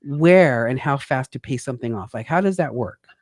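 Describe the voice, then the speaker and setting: A woman hosting an interview in a bubbly, excitable way, laughing often and reacting with loud exclamations. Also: a bass voice, normal speed, no echo, studio quality. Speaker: host. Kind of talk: casual interview chat.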